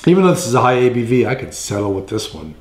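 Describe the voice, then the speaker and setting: A man co-hosting a casual beer-tasting podcast, joking and chiming in with quick agreement. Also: medium pitch, sing-song, a little mellow. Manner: brief agreeing interjections, joking. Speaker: podcast co-host. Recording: echoey room with faint noise.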